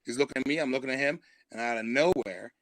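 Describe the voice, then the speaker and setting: Animated male comedian telling a story. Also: mid-range voice, fast talker, no room sound. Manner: animated, laughs through his punchlines. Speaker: stand-up comedian guest. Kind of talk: comic storytelling on a live stream.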